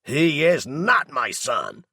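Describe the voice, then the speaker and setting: A male narrator voicing a stocky, bullying middle-aged stepfather who shouts with snarling contempt. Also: on the low side, very animated, a little slow, husky, no echo, clean studio sound, full character voice. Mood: furious.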